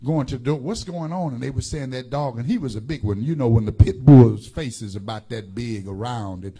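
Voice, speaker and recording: A man's voice: mid-range voice, fairly quick, a crowd in the background. A man preaching a sermon as pastor, calling on the congregation to repeat words and telling stories with many fillers and restarts. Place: church.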